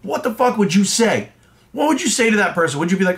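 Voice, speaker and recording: Fast-talking angry man ranting. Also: high-pitched, big pitch swings. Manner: angry, profane, emphatic. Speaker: fitness coach vlogger. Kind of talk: ranting monologue.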